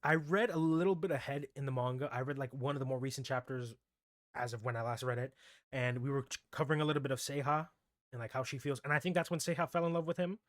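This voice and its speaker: A man's voice: mid-range voice, quick pace, no echo, studio quality. A man giving a casual, rambling anime review who gets heated and incredulous as he talks. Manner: excitable, grows heated and incredulous. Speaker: anime commentator.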